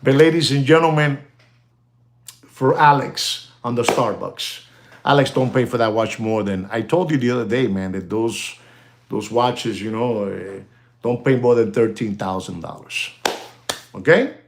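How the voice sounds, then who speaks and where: A middle-aged man runs a watch sales live stream in a loose, excitable way. He keeps talking straight to his viewers and drops in Spanish words as he goes. His voice sits at an ordinary middle pitch for a man. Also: unhurried, creaky, background noise. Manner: excitable, talks directly to chat, slips in Spanish words. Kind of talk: casual livestream chat with viewers.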